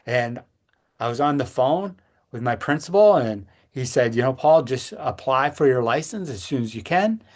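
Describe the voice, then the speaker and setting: A middle-aged man tells a personal story on a podcast in an earnest, halting way, often stopping to restart his sentences. His voice sits at an ordinary middle pitch. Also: expressive. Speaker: podcast co-host. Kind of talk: personal storytelling in casual chat.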